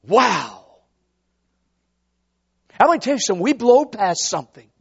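A man's voice: high-pitched, big pitch swings, moderate pace, creaky, long pauses, husky, muffled recording. A man preaching a sermon, dramatic and rhetorical, calling out to the congregation. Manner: dramatic, swooping, rhetorical, call-and-response.

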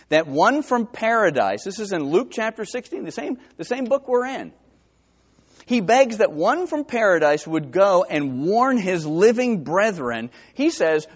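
A man from New Jersey with a New Jersey accent, preaching a sermon that swings from hushed to emphatic. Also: high-pitched. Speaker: pastor. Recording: dull lo-fi sermon recording.

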